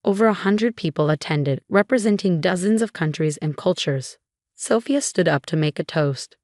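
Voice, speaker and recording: A woman narrating a scripted first-person story in a measured, even way. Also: on the low side, dry recording, studio quality.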